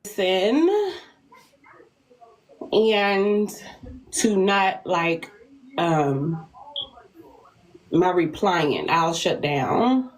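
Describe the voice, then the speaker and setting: A woman answering questions on a dating show in a hesitant, halting way. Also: lowish voice, rough recording. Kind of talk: casual answers on a live show.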